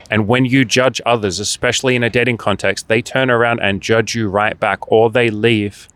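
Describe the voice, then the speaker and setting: Blunt, swearing male coach, lowish voice. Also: fairly bright tone, no room sound. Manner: blunt and emphatic, swears freely, fires off rhetorical questions. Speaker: dating and life coach. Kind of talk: direct-to-camera motivational monologue.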